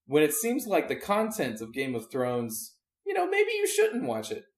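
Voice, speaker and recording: A man's voice: a little high, wildly swooping pitch, normal speed. Man, preacher, casual podcast chat, rambling, restarts, roomy echo. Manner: rambling, searching for words with many restarts.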